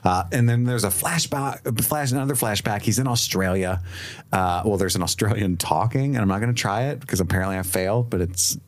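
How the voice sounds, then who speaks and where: A man's voice: lowish voice, a little fast. A man co-hosting a podcast, casually recapping a TV episode and joking in silly mock voices. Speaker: podcast co-host.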